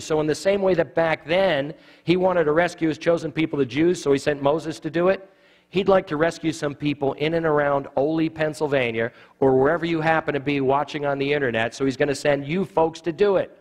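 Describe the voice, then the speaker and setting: A man teaching evangelism to a church audience. He tells stories with animation and acts out the voices. His voice is a touch high, and it rings with the long reverb of a church hall. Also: fairly even intonation, fairly quick. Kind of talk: sermon-style teaching. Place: church sanctuary.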